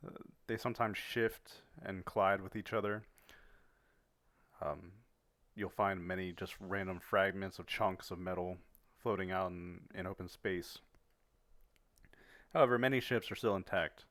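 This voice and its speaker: A man narrating as game master in a tabletop game, measured with some fillers. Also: low voice, fairly even intonation, a bit bright.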